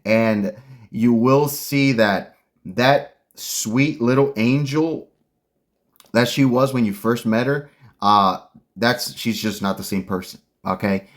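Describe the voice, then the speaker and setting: A man's voice: mid-range voice, slow pace. A man hosting a casual commentary, ranting bluntly and heatedly with lots of slang. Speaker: commentary host.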